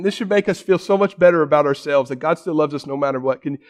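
Male pastor, sermon, lively dramatic storyteller, fairly high voice, uses quiet drops for emphasis. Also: fast talker.

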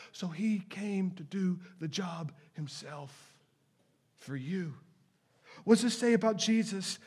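A male pastor with a high voice delivers a sermon. He builds to loud, urgent questions, then drops to hushed, slow emphasis on key phrases.

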